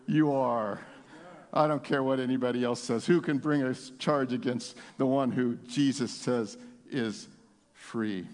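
A man preaching an Easter sermon in a church, swinging between hushed, intimate passages and loud exclamations. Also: medium pitch, measured pace, slight background noise. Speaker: pastor. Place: church sanctuary with congregation. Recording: long reverb of a large hall.

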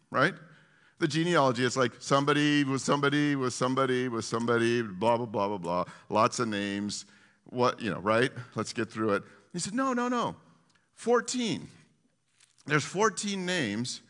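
A man giving a casual, animated Bible teaching, with lots of fillers and restarts. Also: a little high, in a large hall.

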